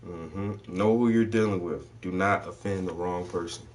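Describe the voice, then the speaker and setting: Laid-back low-voiced man, loose and profane. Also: moderate pace, distant mic. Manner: loose, swearing storyteller voicing people in his stories. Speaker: host. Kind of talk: casual chat.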